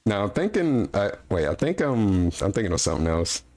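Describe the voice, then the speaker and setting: A man's voice: fairly low pitch, very animated, a little fast, darkish tone. A man making casual, profane, mocking remarks while watching a video with friends. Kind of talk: casual stream banter.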